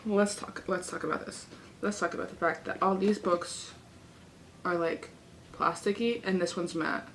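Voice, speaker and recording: A young woman in her twenties chatting excitedly to her viewers at home for a casual reading vlog. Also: mid-range voice, measured pace, a little hiss or hum. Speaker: book vlogger.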